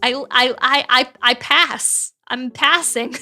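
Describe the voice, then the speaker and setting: Very high-voiced playful woman. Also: slow pace, pushed and bright, faint music behind. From Canada. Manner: playful, giggly, teasing. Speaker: streamer. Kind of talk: casual livestream chat while building a model kit.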